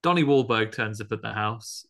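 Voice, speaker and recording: Gravelly, bright-voiced man recapping a film. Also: fairly low pitch, normal speed. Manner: chatty, acts out quoted lines with bursts of voices. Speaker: podcast co-host. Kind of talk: casual chat recapping a film.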